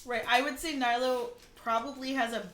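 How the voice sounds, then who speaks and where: A woman acting as dungeon master, calmly narrating monster attacks and asking for the players' rolls. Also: high voice, moderate pace, roomy sound. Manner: matter-of-fact narration of enemy attacks. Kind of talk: running a tabletop game.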